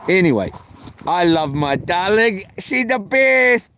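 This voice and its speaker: A man rambles through a casual camping-vlog story, often stopping and restarting his sentences. His voice sits a little high for a man. Faint outdoor noise runs underneath. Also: big pitch swings, slow pace, gravelly, pushed and bright. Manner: chatty, meandering, frequent ums and restarts. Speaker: vlogger. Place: camping, near a boat on water.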